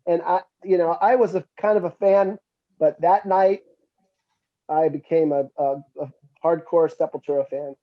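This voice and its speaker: A middle-aged metal musician, appearing as an interview guest, tells casual stories in a slightly high voice at normal speed, and the audio is dull. He's animated, raising his voice as he acts out what other people said.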